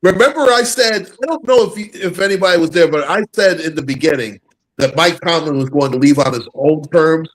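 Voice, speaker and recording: Husky-voiced male panel host. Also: fairly high pitch, a little fast, poor audio. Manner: blunt, laughs often. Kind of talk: casual panel chat.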